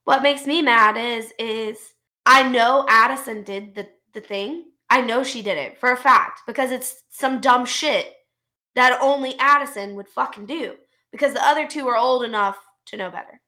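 A woman co-hosting a podcast, telling an angry story about her kids in a casual, animated way with plenty of swearing. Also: fairly high pitch, moderate pace. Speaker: podcast co-host; mother. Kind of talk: casual ranting chat.

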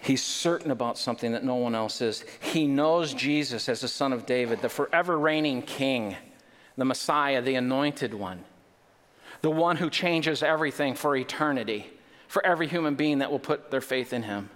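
A man's voice: mid-range voice, moderate pace, a bit bright. Male pastor, emphatic sermon delivery with humorous asides, in an echoing hall. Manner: emphatic, with joking asides and rising intensity. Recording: long reverb of a large hall.

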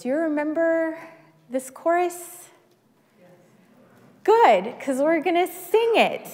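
Woman pastor preaching slow in a big echoey church, high voice, chatty and jokey with the folks. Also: expressive, darkish tone. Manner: chatty and self-deprecating, leads congregation in song. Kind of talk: sermon. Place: church sanctuary. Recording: long hall reverb.

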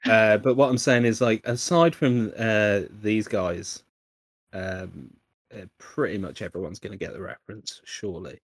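A man's voice: lowish voice, unhurried, slightly rough, dry recording. A British man co-hosting a casual podcast, joking and swearing, often breaking into mock voice-assistant impressions. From United Kingdom. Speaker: podcast co-host.

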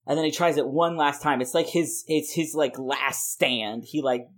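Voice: mid-range voice, fairly even intonation, moderate pace, fairly bright tone. A podcast host in a casual chat, playfully rambling through a made-up comic plot with lots of "like" fillers. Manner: playful, rambling, frequent laughs and many "like" fillers.

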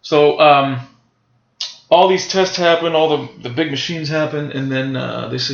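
A man with a gravelly, fried edge to his voice tells an animated story in casual conversation. He keeps asking his listeners to follow along as he talks. The recording is roomy and a bit dull. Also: fairly high pitch, unhurried. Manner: animated storyteller, checks in with "right?" and "bro". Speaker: guest, professional wrestler.

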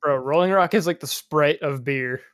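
A man chatting casually as a podcast co-host, a bit tipsy and excitable as he talks. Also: fairly high pitch, normal speed, no echo, clean studio sound. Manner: excitable, animated gamer talk. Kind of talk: casual chat among friends.

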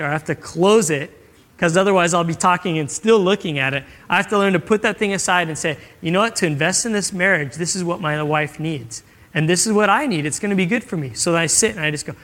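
A man's voice: a little high, fairly quick, a bit bright, in a large hall. A young adult man giving a casual, conversational sermon, telling stories and acting out what people say. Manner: casual, conversational storytelling with acted-out quotes. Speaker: pastor.

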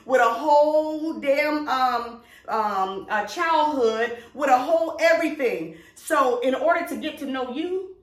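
A woman's voice: high-pitched, slow pace. A middle-aged woman, co-hosting a podcast in a casual chat, emphatic and preachy, drawing out her words. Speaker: podcast co-host. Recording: echoey room, distant mic.

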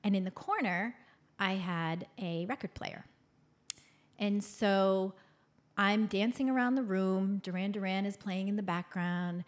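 Expressive woman storyteller, hushed to bright. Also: mid-range voice. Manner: expressive, swings from loud and bright to hushed and soft. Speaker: podcast host. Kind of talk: personal storytelling.

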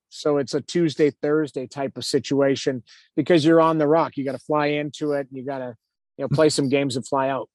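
A man in his fifties, once a hockey goalie and now a TV analyst, tells a story in a casual interview with an animated delivery. His voice is on the high side, and he acts out quotes and says "like" a lot. There is no room sound.

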